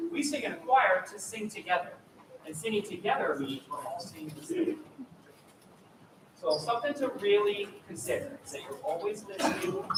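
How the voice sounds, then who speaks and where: A man with a high, lively voice coaches a choir with upbeat encouragement. He is captured from a distant mic in an echoey hall, and loud ambient noise sits under his voice. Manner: upbeat, encouraging, demonstrates vocal sounds. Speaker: choir clinician.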